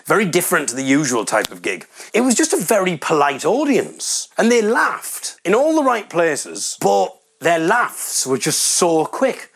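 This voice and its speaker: A man's voice: on the high side, huge pitch swings, unhurried, gravelly, few pauses, a bit bright. A man, a comedian telling wry, rambling stories about his gigs. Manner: rambling, wry, self-deprecating. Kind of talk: comic storytelling monologue.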